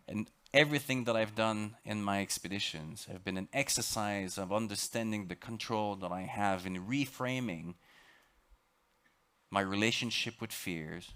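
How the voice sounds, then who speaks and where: A man with a French accent giving a dramatic, emphatic storytelling lecture aboard a ship, sometimes halting and repeating words. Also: on the low side, fairly bright tone. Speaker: expedition lecturer.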